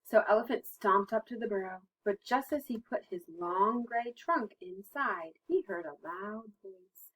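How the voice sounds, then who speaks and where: A woman teacher reading a children's picture book aloud, gentle and expressive. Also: mid-range voice, a little slow, hardly any pauses, breathy edge, rough recording. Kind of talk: storybook read-aloud.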